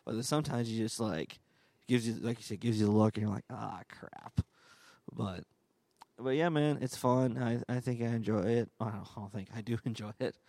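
A man's voice: medium pitch, a little fast, dark tone, no room sound. A man co-hosting a church staff podcast, chatting casually with a laid-back, rambling manner and frequent laughs. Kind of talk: casual chat. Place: sound booth inside a church sanctuary.

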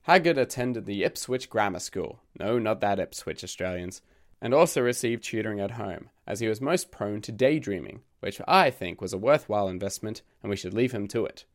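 A man hosting a literature podcast, reading a scripted essay with wry, jokey asides in a voice left croaky by a recent illness. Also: fairly low pitch, lively intonation, moderate pace.

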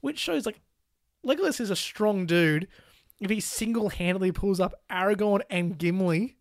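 A podcast co-host in a casual film chat, talking fast with lots of "like" fillers and acting out quoted lines from scenes. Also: mid-range voice, no room sound, studio quality. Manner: animated, full of "like" fillers, laughs while retelling scenes.

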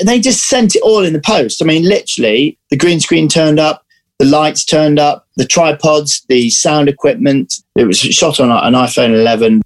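Chatty man telling stories. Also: mid-range voice. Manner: animated storyteller, restarts often. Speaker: actor guest. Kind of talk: casual interview chat.

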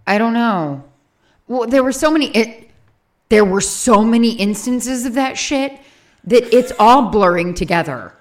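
A woman's voice: on the high side, lively intonation, unhurried. A woman co-hosting a casual chat, laughing often and trailing off while she recalls a story.

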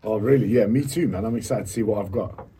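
A man's voice: on the low side, quick pace, dark tone, slight background noise. A man from London, a podcast host who talks in a direct, reflective, laid-back way about his stage shows. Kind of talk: casual podcast chat.

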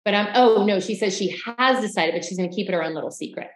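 A woman's voice: medium pitch, quick pace. Chatty woman in an echoey room. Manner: animated storytelling, acting out quotes. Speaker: podcast co-host. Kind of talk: casual recap chat.

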